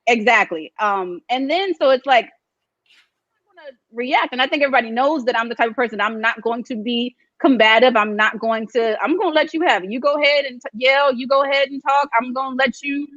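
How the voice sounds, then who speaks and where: Animated reality-show guest, high voice. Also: female voice, brisk, dry recording, highs cut off. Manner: animated storyteller, acts out quotes of others. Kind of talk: casual interview chat.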